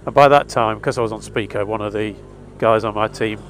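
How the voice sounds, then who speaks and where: A man's voice: lowish voice, fairly even intonation, brisk, a little hiss or hum. A man chatting wryly and with some exasperation as he tells a story while riding a motorcycle. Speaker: motorcycle vlogger. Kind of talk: casual storytelling monologue. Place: outdoors on a motorcycle.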